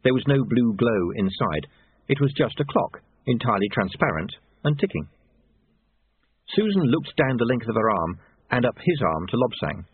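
A man narrating an audiobook with expressive storytelling. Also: mid-range voice, moderate pace, slightly rough, dry recording. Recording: tinny phone-like band, dry.

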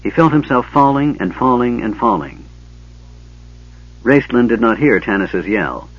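A man reading a fantasy story aloud as a steady narrator. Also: mid-range voice, unhurried, husky, no room sound, lo-fi sound. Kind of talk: scripted narration.

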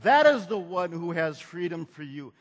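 A man's voice: a little high, very animated, moderate pace. A man preaching a sermon who repeats phrases, builds to emphatic peaks, and calls for the congregation to answer. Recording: long hall reverb.

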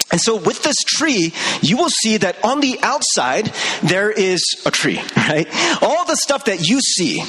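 A young male pastor giving a sermon in an animated, conversational way, laughing between points and talking straight to the congregation. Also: high voice.

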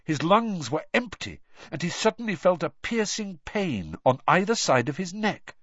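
A man reading an audiobook aloud as scripted narration, in an expressive storybook manner. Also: sits high, moderate pace, husky, dry recording, dull audio.

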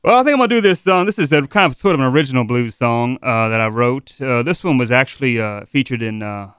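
A man, a blues musician chatting as a guest in an interview, laid-back and letting his voice sink to a low murmur at the ends of his phrases. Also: animated, quick pace, a bit bright, clear, resonant tone, no echo, studio quality. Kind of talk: relaxed interview chat. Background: acoustic guitar.

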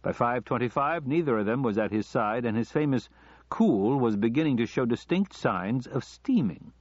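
A man narrating an audiobook story in a measured, even storytelling manner. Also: mid-range voice, no echo. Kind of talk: scripted narration. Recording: slightly dull lo-fi recording.

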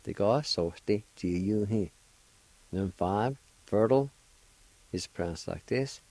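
A man hosting a radio language lesson, spelling out words letter by letter and repeating each pronunciation slowly and deliberately. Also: lowish voice, expressive, a little mellow, no room sound, low-quality recording. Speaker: radio host teaching vocabulary.

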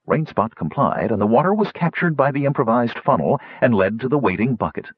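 Husky male storyteller, lively pitch. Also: a little fast, no echo. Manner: expressive, voicing many characters. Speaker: audiobook narrator. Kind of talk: scripted fantasy narration. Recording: dull lo-fi audiobook recording.

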